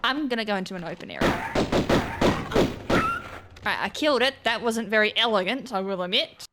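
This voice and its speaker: A woman's voice: medium pitch, animated, fairly quick, heavy background noise. A woman hosting a gaming channel, chatting casually as she plays, thinking aloud, poking fun at her own mistakes and breaking into sudden exclamations. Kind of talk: casual let's-play commentary.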